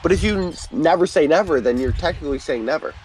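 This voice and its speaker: A young man doing casual gaming commentary, telling stories and acting out quotes with lively energy. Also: fairly high pitch, quick pace, a little hiss or hum. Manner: animated storytelling, acts out quotes.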